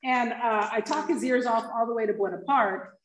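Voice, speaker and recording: Recorded far from the mic in an echoey room, a woman in her fifties from Hawaii shares her recovery story with a group as a personal testimony. Her voice is fairly high and her speed normal, and she's a lively storyteller who acts out the dialogue and laughs often.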